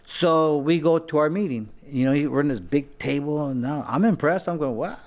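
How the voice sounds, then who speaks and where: A man's voice: fairly high pitch, normal speed. A man, a former boxer, telling stories in a casual talk-show chat, with many restarts and acted-out quotes. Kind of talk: casual storytelling.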